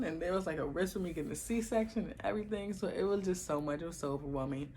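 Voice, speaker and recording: A young woman vlogging to her camera at home, casually telling her labor story with animated, slangy asides to viewers. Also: on the low side, fast talker, hardly any pauses, slight background noise.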